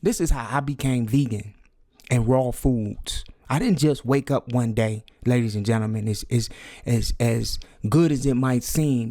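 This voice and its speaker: A vlogger with a medium-pitched male voice, speaking a little slowly, records a conspiracy video in studio quality with no room sound. He preaches to his viewers, repeating himself and stumbling over words as he urges them to wake up, sometimes dropping to a hushed whisper for emphasis.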